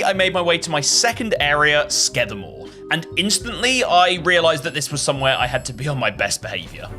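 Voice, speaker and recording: A man's voice: medium pitch, very animated, a little fast, few pauses, pushed and bright, soft background music. A British man narrating his playthrough of a video game, upbeat and jokey with plenty of exclamations. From United Kingdom. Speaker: gaming YouTuber.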